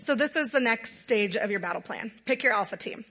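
A woman's voice: a little high, lively intonation, fairly quick, bright, forceful tone, slightly rough. A woman giving a casual, earnest sermon to a gathered audience, telling a Bible story conversationally. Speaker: women's night speaker.

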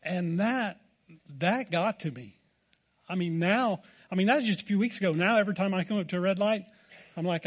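A man's voice: sits high, moderate pace, long pauses, a faint crowd, a little hiss or hum. A man with an American accent preaching a sermon, telling a folksy, self-deprecating story. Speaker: pastor.

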